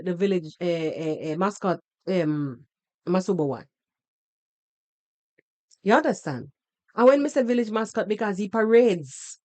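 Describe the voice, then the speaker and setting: A Jamaican podcast host reacts to a video with sarcastic, scolding commentary, slipping into patois as she goes. Her voice is a little high and a little mellow.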